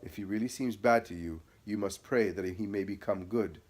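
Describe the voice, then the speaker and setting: A man reading a calm gentle teacher. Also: fairly low pitch, moderate pace, lightly acted. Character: gentle patient male teacher, adult.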